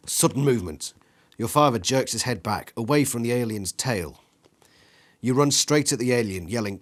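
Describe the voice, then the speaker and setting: A man reading an interactive gamebook aloud in an animated way, acting out the sound effects with his voice. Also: mid-range voice, normal speed. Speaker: reader.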